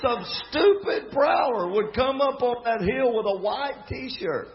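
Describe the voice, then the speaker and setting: A man's voice: very high voice, a little slow. Folksy Southern man preaching a story. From American South. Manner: folksy, animated storyteller with laughing asides. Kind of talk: storytelling sermon. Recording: dull lo-fi recording with faint crowd and noise. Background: faint audience laughter.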